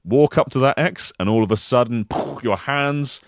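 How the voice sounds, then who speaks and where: A man co-hosting a podcast in casual chat, pitching an imagined game console like an animated storyteller. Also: moderate pace, dry recording, clean studio sound. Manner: animated storyteller who slips into silly voices. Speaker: podcast co-host.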